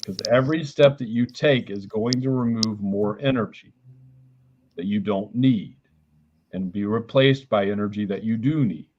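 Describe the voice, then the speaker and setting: A man with a fairly low voice, heard over dull, muffled livestream audio. He gives psychic readings plainly and bluntly, passing on what he says the spirits are telling him. He does not soften the message for the listener. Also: normal speed, a little hiss or hum. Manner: calls in angels and counts quietly under his breath. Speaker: psychic reader and healer.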